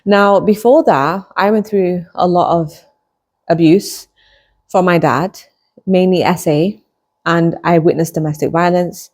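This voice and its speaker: A woman in her thirties hosts her own show and speaks straight to her audience. Her voice sits a little low, and she tells her story in a chatty, animated way, often breaking into laughter. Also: unhurried. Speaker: podcast host and hypnotist. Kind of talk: casual personal storytelling to camera.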